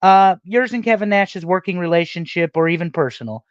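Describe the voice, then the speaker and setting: A man hosting a live stream reads viewer questions in a conversational way, pausing often. His voice sits a little high, dry and close, on a dull, lo-fi mic. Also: clean tone, no echo. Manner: conversational, with frequent "um" pauses.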